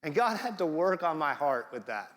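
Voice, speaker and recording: A man's voice: fairly high pitch, big pitch swings, moderate pace, a bit bright, in a large hall. A man preaching a sermon in a conversational, playful way, acting out the voices he quotes. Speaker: guest preacher. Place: church sanctuary.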